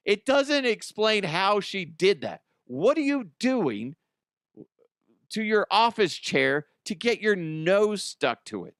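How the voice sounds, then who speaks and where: A man's voice: sits high, sing-song, takes it slowly, fairly bright tone, no room sound, clean studio sound. A middle-aged man hosting a comedic news show, rambling, laughing often and making crude jokes. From Colorado, US. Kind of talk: casual comedic news commentary. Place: studio.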